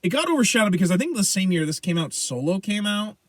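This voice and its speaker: A man's voice: high-pitched, very animated, quick pace, a bit bright, no echo. A man in his late twenties, co-hosting a podcast in casual chat, rambling and profane, often stammering and restarting. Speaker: podcast co-host.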